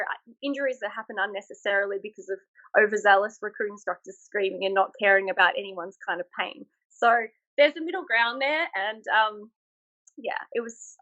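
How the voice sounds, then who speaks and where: An Australian woman in her thirties, a former military instructor, telling stories in a frank, animated way with frequent laughs, over a remote call. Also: medium pitch, muffled recording. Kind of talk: casual interview chat.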